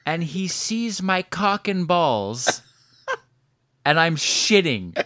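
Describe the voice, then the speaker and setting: A man telling a story in casual chat, animated and full of swearing, likes and restarts. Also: a little high, slow pace, dry recording.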